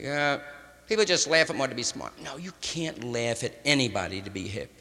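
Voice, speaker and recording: A man riffing loosely in hip slang, often ending lines with "man" and slipping into quick impressions of others. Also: medium pitch, animated, pushed and bright, big-room sound. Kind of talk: loose hipster riffing monologue.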